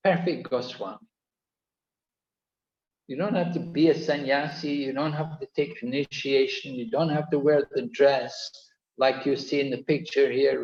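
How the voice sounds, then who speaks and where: A man's voice: medium pitch, darkish tone. A man teaching an online course, explaining points earnestly and repeating key phrases. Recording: echoey, dull-toned video call audio.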